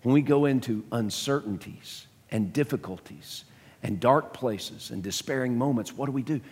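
A man's voice: medium pitch, normal speed, a little mellow, slightly rough, in a large hall. A man preaching a sermon to his congregation, emphatic, often repeating words as he builds a point. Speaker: pastor. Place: church sanctuary.

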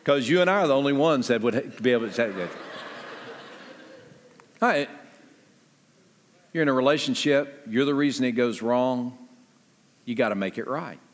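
A man preaching a sermon as pastor, talking conversationally with lively jumps in pitch and quick asides. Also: big-room sound.

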